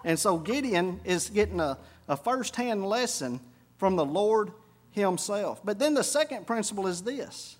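A man preaching a sermon, swinging between quiet reflective stretches and loud, high emphatic bursts. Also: lively intonation, measured pace. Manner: preaching with sudden rises in pitch and volume. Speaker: pastor.

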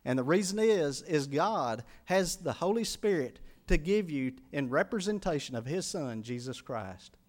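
High-voiced preacher building to fervent peaks. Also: male voice, lively intonation, unhurried, few pauses. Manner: emotional testimony, builds to loud pleading climaxes. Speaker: pastor. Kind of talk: sermon.

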